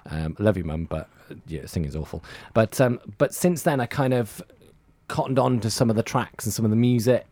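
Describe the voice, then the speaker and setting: A man's voice: fairly low pitch, brisk, a little mellow, dry recording. A man chatting in a radio interview, rambling and repeating words as he tells stories. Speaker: hospital radio presenter. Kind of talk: casual radio interview chat.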